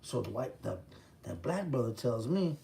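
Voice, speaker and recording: A man's voice: medium pitch, very animated, moderate pace, gravelly, warm tone, slight background noise. A man in his fifties from the Chicago area, telling his own prison story in a blunt, profane, street-talk way. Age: 50s. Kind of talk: casual storytelling.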